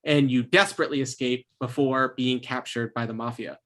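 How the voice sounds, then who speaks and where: A man runs a tabletop game on a stream and recaps the story so far. He talks in a loose, meandering way at an ordinary pitch, pausing to hunt for words and laughing now and then. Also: fairly even intonation, a bit bright. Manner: rambling, searching for words, laughing often. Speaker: game master. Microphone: streaming microphone.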